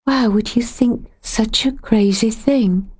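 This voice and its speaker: A woman voicing a hurt young woman who confronts her lover in a sharp, raised, accusing voice in an audiobook. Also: on the high side, slow pace, husky, voice pushed up. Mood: shocked, panicked. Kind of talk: audiobook character voice.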